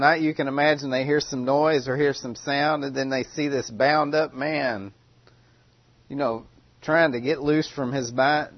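A man preaching a sermon in a dramatic way, with loud cries and long hushed pauses. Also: fairly high pitch, dry recording, highs cut off.

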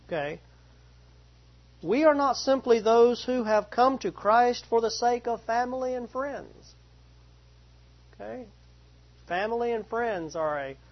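A man teaching a Bible study, reading verses slowly and deliberately and repeating key phrases. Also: high voice. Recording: dull lo-fi recording.

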